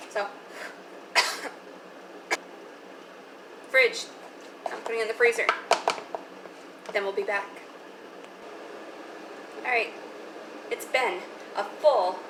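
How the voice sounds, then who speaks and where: A young woman talking casually through a recipe in her home kitchen, rambling and poking fun at herself as she goes. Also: on the high side. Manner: rambling, self-mocking asides. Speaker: cooking vlogger. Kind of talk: casual cooking demo chat. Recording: noisy home kitchen audio.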